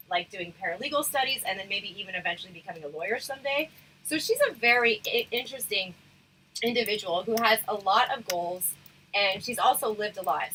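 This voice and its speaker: A woman hosting a casual livestream chat, talking frankly and rambling with lots of fillers, her voice going hoarse. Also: medium pitch, sharp tone, slight background noise, rough recording. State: losing her voice, throat irritated. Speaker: livestream host.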